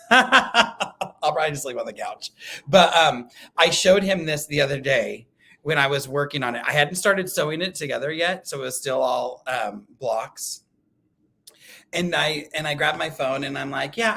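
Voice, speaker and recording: A man hosting a casual quilting livestream, telling animated stories, laughing often and reading viewer comments. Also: fairly high pitch, vocal fry. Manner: chatty, animated storytelling, laughs often, reads live comments.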